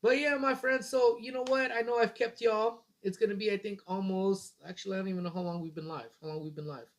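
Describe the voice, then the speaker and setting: A man's voice: high voice, fairly even intonation, fast talker. A man in his thirties hosting a casual morning livestream, rambling in a laid-back way and swearing casually. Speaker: livestream host.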